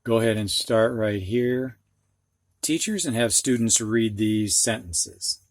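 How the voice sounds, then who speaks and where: A man's voice: on the low side, slow, dry recording, clean studio sound. An older man teaching a reading lesson, patiently sounding out words and explaining them with everyday examples. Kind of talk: phonics lesson for students and teachers.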